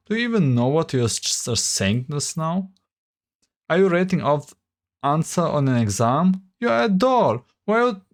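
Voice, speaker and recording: A man's voice: on the high side, voice pushed up. A man voicing a probing, intense female fortune teller who scolds and lectures in a raised voice.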